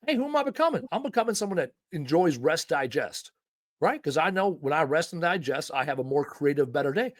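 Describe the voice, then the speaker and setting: Talking briskly in a fairly high voice, this man hosts a laid-back podcast conversation. His delivery is emphatic, folksy and full of profanity, with plenty of animation.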